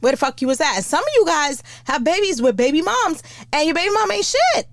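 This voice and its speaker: Woman podcast host, casual comedic rant, blunt and profane, lively swinging pitch, dry close sound. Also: a little fast, no room sound. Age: older.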